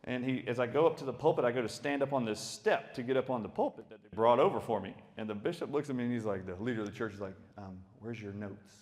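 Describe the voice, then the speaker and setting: A middle-aged man tells his own stories as a doctor giving a talk. He speaks with emphatic, animated energy and often laughs along the way. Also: medium pitch, very fast, hardly any pauses. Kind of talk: storytelling talk.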